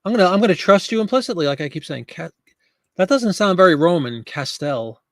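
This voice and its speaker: A man's voice: sits high, animated, fairly quick, dry recording, clean studio sound. A man in his fifties hosting a live listing stream, chatting casually, joking and talking to viewers in chat.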